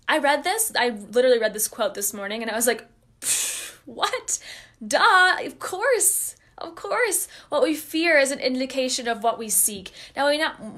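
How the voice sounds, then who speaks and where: A woman's voice: fairly high pitch, fairly bright tone. A woman talking casually and earnestly to her viewers, chatty and emphatic, at times openly emotional. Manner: gets openly emotional and laughs while talking. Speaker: online empath coach and group leader. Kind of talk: casual direct-to-camera talk to viewers.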